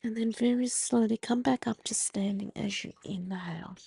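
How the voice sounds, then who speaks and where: An Australian woman teaching mindfulness, calmly guiding slow breathing and gentle movement. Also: a little high, gravelly, slightly rough, no room sound. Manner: calm, slow, gently instructive. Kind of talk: guided movement and breathing instruction.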